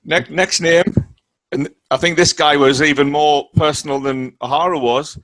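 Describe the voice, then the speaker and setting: A man's voice: fairly high pitch, steady tone, moderate pace, fairly bright tone, poor audio. A man interviewing a boxer, chiming in with "aye" and asking casual, friendly questions. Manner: short affirmations, casual questions.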